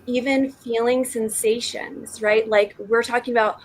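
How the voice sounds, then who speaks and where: A woman's voice: fairly high pitch, fairly even intonation, a little slow, a little hiss or hum, rough recording. A woman panelist who works as an intuitive healer, speaking in a flowing, earnest way with spiritual phrasing. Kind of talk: reflective podcast discussion.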